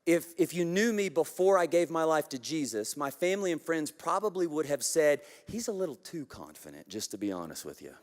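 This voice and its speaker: A man's voice: on the high side, sing-song, brisk, few pauses. A man preaching a sermon as pastor, passionate, leading the congregation in call-and-response. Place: large church auditorium. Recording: long hall reverb from a church auditorium. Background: congregation in the room.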